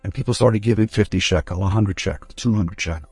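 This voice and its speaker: A man, a rabbi, telling a story in a lively way and acting out the characters' voices. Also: on the low side, quick pace, breathy edge, no room sound, soft background music. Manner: animated, acts out quoted voices.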